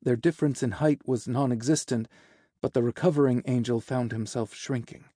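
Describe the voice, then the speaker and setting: A man narrating a fantasy story in a measured, descriptive way. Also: mid-range voice, fairly even intonation, mellow, no echo, clean studio sound. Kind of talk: audiobook narration.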